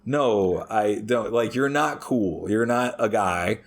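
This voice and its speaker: A man chatting casually as a podcast guest, swearing heavily and telling crude stories in an animated way. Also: fairly low pitch, takes it slowly. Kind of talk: casual chat.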